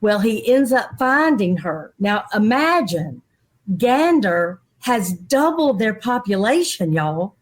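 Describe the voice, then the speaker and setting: A middle-aged woman, a guest in an interview, telling a personal story in a lively way and acting out other people's voices. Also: mid-range voice, slow. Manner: animated, acts out quoted people's voices.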